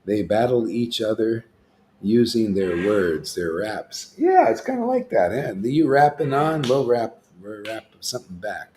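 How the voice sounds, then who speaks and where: A man's voice: fairly low pitch, very animated, measured pace, mellow, a little hiss or hum. Guy hosting a loose devotional chat, rambling, lots of "see" and "you know". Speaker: host. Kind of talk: casual spiritual discussion.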